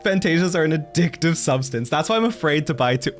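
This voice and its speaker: A man chatting to his viewers while he plays a game, excitable and gushing. His voice sits a little high and swings up and down a lot. Faint music plays underneath. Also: quick pace. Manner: excitable, gushing, talks to chat. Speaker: streamer. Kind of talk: casual game stream chat.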